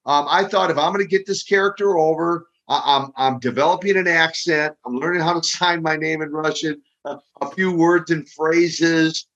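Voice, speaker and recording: An older man, a guest on an interview show, telling lively stories and often repeating his words as he goes. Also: fairly high pitch, moderate pace, few pauses. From Minneapolis, US Midwest. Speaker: guest, retired pro wrestler. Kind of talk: casual storytelling interview. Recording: dull lo-fi audio.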